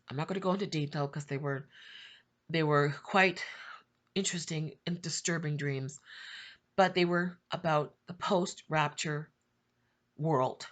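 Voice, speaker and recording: A middle-aged woman speaks with a lowish voice as she pours out an emotional personal testimony. Her delivery is impassioned and repetitive, and she often climbs to high, pleading cries. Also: a bit bright. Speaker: Christian YouTube prophetic channel host.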